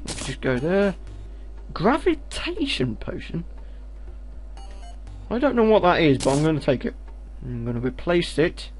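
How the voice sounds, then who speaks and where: A man giving casual gameplay commentary on a headset, excitable, breaking into loud exclamations and talking back to enemies on screen. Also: on the high side. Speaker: video game let's player. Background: game music.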